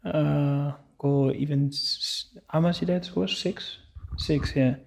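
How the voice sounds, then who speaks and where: A man giving halting, filler-filled answers in an interview about his season. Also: on the high side, fairly even intonation, vocal fry, a little hiss or hum. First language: Scottish English. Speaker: interviewed footballer.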